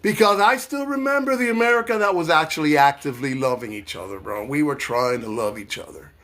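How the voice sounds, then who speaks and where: A man from New York delivering an impassioned, profane political rant. He swings between loud outbursts and low, slow asides. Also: animated. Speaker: political commentator.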